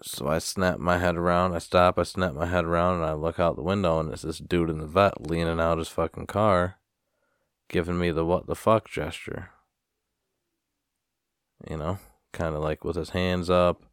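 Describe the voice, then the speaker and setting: A man hosting a podcast, telling a story in a casual, profane, rambling rant with animated retellings. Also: low voice, moderate pace, smooth, no room sound, clean studio sound. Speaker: podcast host.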